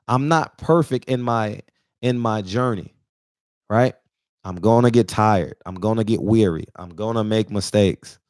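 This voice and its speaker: A man's voice: on the low side, measured pace, darkish tone, no echo. Man in his forties, emphatic and repetitive, choked with emotion, dead dry sound. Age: 40s. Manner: emphatic, preachy, repeats himself. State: near tears, emotional. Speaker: barbershop talk show regular. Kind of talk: impassioned casual monologue.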